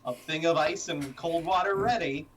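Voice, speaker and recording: Man, panelist, casual chat, higher pitch, halting storytelling, faint background noise. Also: fairly bright tone, low-quality recording. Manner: halting starts, anecdotal storytelling.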